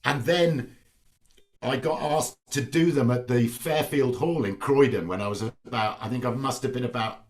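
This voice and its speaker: A man's voice: medium pitch, normal speed. Middle-aged guy on a video call, a bit distant from the mic, telling chatty little stories. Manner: chatty storyteller, acts out family dialogue. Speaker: actor guest. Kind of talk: casual video-call chat.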